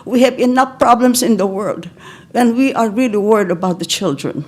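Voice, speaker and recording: Her voice on the high side, an older woman from the Philippines pleads emotionally at a county board meeting's public comment, faltering and restarting as she verges on tears.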